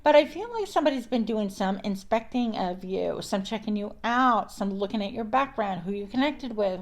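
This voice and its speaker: A woman giving a casual tarot reading, chatty and meandering, mixing spiritual affirmations with card talk. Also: on the high side. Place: indoors at a counter.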